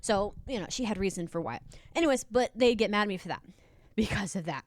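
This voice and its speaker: A woman's voice: mid-range voice, expressive, brisk. A woman telling a work story in a casual, rambling way, laughing often and acting out the people she quotes. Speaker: channel host telling a retail story; former cashier.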